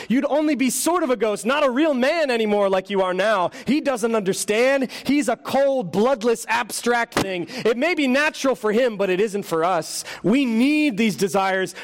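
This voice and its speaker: A man's voice: very high voice, pitched above the performer's own voice. A man voicing a lizard that coaxes and tempts in a persuasive voice. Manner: coaxing, persuasive. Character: seductive lizard whispering temptations.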